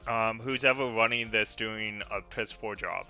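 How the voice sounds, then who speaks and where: A man's voice: lowish voice, fairly even intonation, a little slow, pushed and bright, clean tone, faint music behind. A man streaming a video game, chatting casually and hesitating often with fillers and restarts.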